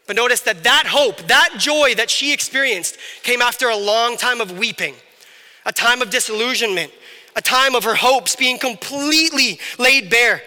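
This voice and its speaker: A man's voice: extremely high pitch, normal speed, bright, forceful tone, big-room sound. A man preaching a sermon as a pastor, in a conversational way that acts out the people in the story. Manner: conversational, acts out biblical characters.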